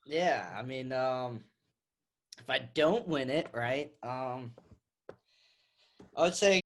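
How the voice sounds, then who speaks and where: A man's voice: medium pitch, lively intonation, takes it slowly, fairly bright tone. A young man, a wrestler guest, chatting casually and telling stories with frequent laughs. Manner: laid-back, laughing storyteller. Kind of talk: casual interview chat.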